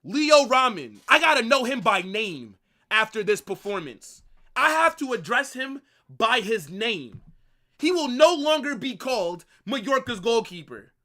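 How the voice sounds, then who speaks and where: Excitable man ranting. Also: very high-pitched, unhurried. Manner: excitable, exasperated ranting with swearing and repeated phrases. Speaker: football watch-along streamer. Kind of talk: live match reaction.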